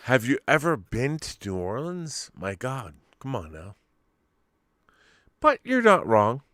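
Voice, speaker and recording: Give me a flustered male host who stammers and restarts, with a lively, swinging voice. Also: mid-range voice, slow, no room sound. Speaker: podcast host. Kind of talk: casual live-stream banter.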